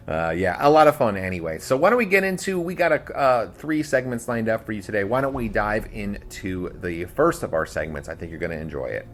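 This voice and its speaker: A man's voice: fairly low pitch, lively intonation, normal speed. A man co-hosting a tabletop gaming podcast in casual, rambling chat with lots of fillers and restarts. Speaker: podcast co-host.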